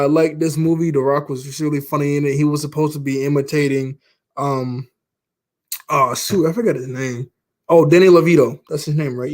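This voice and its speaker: This young male YouTuber has a higher-leaning voice with a darkish tone. He meanders through a casual chat about movies, heavy on fillers and frequent laughter.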